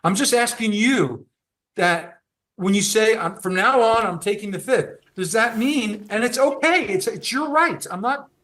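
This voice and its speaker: A man questioning a witness in a court hearing, measured and persistent. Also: sits high, fairly bright tone. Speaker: questioning attorney.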